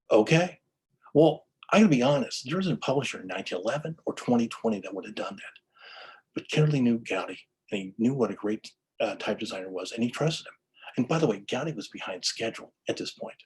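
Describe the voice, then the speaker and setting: A man's voice: mid-range voice, animated, fast talker, a little mellow, breathy edge, low-quality recording. A man giving an enthusiastic lecture-style story about book history, full of restarts and stammers.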